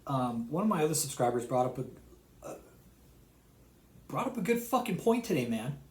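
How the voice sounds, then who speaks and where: A man giving a heated, profane rant to his subscribers as an online commentator. He swears constantly, repeats himself, and swings between loud outbursts and low sarcastic asides. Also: big pitch swings, normal speed. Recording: roomy echo.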